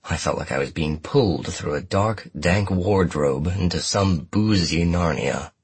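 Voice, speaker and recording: A man reading a first-person novel aloud in a wry, measured manner. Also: sits low, breathy edge, no echo. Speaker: audiobook narrator. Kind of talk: scripted first-person narration.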